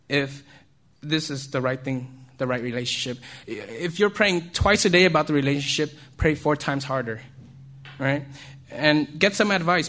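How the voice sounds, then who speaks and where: A youth speaker with a slightly high, sharp-toned male voice gives an informal sermon to young people. He keeps it conversational, checks in with his listeners by asking "right?", and chuckles between points.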